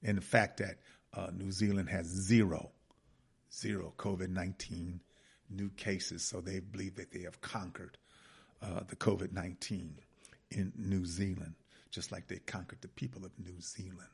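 A man with a low, gravelly voice and a husky edge hosts a radio talk show. He delivers impassioned, preachy commentary straight to his listeners and calls them brothers and sisters. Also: flat delivery, moderate pace.

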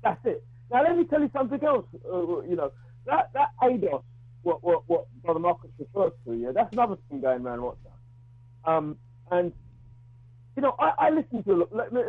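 A man calling in to a talk radio show, speaking in a halting way with frequent restarts and repeated words while bluntly arguing his view. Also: sits high, big pitch swings, husky, no room sound. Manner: outspoken, argues his view. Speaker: radio call-in caller. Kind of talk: phone-in talk radio call. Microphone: telephone. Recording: tinny phone line.

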